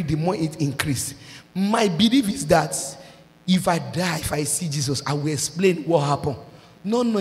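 A Nigerian woman pastor preaching a sermon, breaking into shouted and sung outbursts. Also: fairly low pitch, in a large hall.

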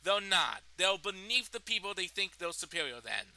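A man's voice: high voice, big pitch swings, moderate pace, vocal fry, sharp tone, low-quality recording. A young man in a vlog, indignantly retelling a personal story and swearing freely. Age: young adult. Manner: indignant, profane retelling of events. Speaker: vlogger.

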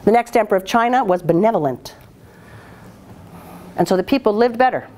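A woman tells a folktale aloud with dramatic expression, voicing sound effects as she goes. Her voice sits in the mid range and her delivery is brisk.

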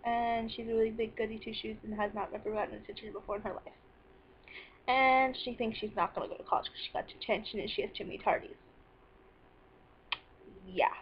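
A woman's voice: fairly high pitch, steady tone, brisk, long pauses, lo-fi sound, slight background noise. A teenage girl venting about her day in a rambling, sarcastic personal vlog. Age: teens. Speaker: vlogger.

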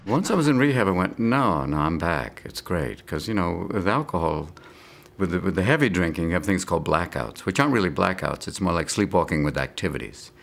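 A middle-aged actor and comedian in an interview, riffing rapid-fire with sudden voices and whispers. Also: male voice, sits low, animated, creaky, a bit bright. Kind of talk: interview with comic riffs.

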